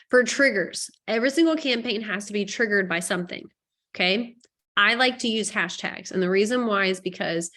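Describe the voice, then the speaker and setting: Woman, real estate coach, casual training talk, chatty, jokey asides, hurried delivery, mid-pitched voice. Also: fairly bright tone. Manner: chatty and joking, rushing through points.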